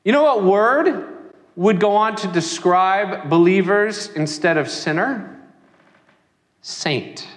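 A man preaching a sermon as a pastor, animated and acting out the voices of people he quotes. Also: high voice, unhurried, long reverb tail.

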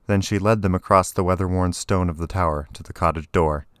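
A man reading scripted story narration in a steady, even way. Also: sits low, a little fast, dry recording, clean studio sound. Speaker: audiobook narrator.

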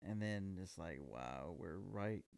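Low, gravelly man chatting. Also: lively intonation, slow pace, a little mellow, no echo. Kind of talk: casual chat.

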